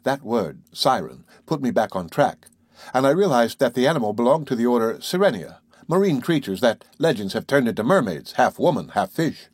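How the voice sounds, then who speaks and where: A man narrating an adventure audiobook in a steady, even reading voice. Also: medium pitch, moderate pace, slightly rough, no room sound, clean studio sound.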